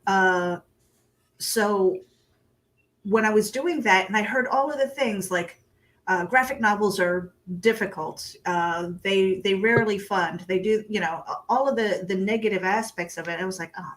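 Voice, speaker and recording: A woman's voice: medium pitch, normal speed. A woman guest in a casual chat, candid and self-deprecating, often laughing as she talks.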